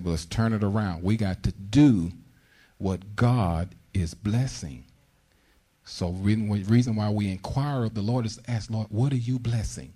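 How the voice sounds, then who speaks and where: A middle-aged man preaching with fervor, his voice low and mellow with a husky edge. He slips into high, pleading prayer voices as he teaches. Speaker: pastor. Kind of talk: sermon.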